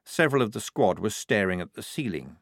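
Expressive male audiobook narrator. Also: lowish voice, no room sound, clean studio sound. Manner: measured, expressive storytelling. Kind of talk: scripted narration.

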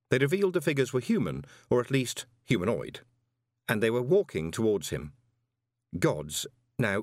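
A man narrating an audiobook in an expressive storytelling manner. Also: fairly low pitch, dry recording, studio quality.

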